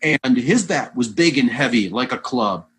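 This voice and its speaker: A man with a mid-range voice and a moderate pace tells long, meandering, animated anecdotes about vintage baseball, where he plays, restarting now and then. There's a little hiss or hum on the recording.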